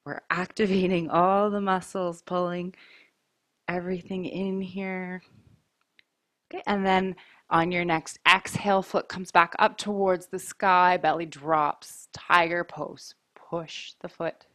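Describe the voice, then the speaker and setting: A woman teaching a yoga class, giving calm, mindful cues about breath and poses while wearing a mic. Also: lowish voice, no echo, studio quality. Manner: calm, slow, mindful cueing. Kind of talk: guided yoga class instruction.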